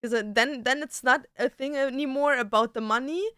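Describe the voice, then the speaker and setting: High-voiced ranting young woman streamer. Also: normal speed, pushed and bright, clear, resonant tone, dry recording, clean studio sound. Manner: ranting storytelling with frequent likes and swearing. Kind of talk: casual livestream chat.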